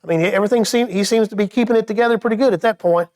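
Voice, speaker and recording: A man with a notably high voice teaches a Bible study in church. He speaks conversationally, often restarting his sentences with little stammers, and his voice sinks quiet when he turns thoughtful. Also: rapid-fire.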